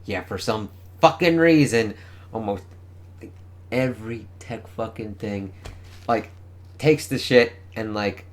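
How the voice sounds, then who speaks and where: A man's voice: fairly low pitch, slow, long pauses. A man giving a casual, profane spoken review of a comic book, chatting offhandedly between panels.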